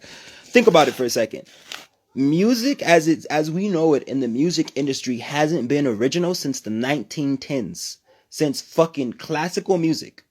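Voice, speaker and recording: A man from New Mexico hosting a casual livestream from home, talking in a profane, rambling, animated way. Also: fairly high pitch. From New Mexico, USA. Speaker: livestream host.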